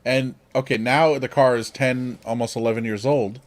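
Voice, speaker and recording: A man's voice: mid-range voice, fairly even intonation, normal speed. A man co-hosting a podcast, asking questions in laid-back casual chat. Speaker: podcast co-host.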